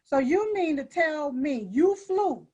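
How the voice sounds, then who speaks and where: A woman co-host with a high, lively voice breaks in with emphatic questions. Her sound is a little dull and somewhat distant from the mic. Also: slow, a crowd in the background. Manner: emphatic, interjecting. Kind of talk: casual chat.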